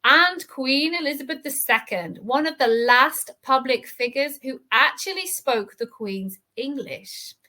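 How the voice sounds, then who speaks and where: A woman teaches English in a bright, lightly raised voice. She reads an article and slows down to explain each tricky word with care, sometimes stretching a term out. Her tone stays clear and steady. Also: sits high. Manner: explains words slowly and carefully, stretching key terms. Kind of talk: reading lesson with explanations.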